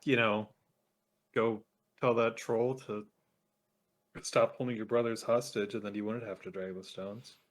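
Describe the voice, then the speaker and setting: A man's voice: on the low side, flat delivery, a little slow, long pauses. A man playing a tabletop game, asking questions hesitantly with fillers and restarts. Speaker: player.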